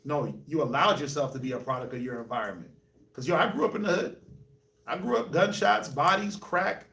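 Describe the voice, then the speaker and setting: Man w/ a higher-ish voice telling stories in a casual group chat, sounds far from the mic. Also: a little fast. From New York and Colorado, Jamaica. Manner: animated storytelling with laughs. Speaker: host. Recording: echoey room, mic at a distance.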